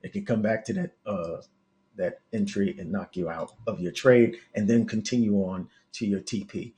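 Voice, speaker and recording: A man's voice: fairly low pitch, steady tone, moderate pace, dark tone. A man teaching forex trading on a live stream, thinking aloud over his charts with many restarts and coaching his viewers directly. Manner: coaching, talks straight to viewers. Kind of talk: live market analysis stream.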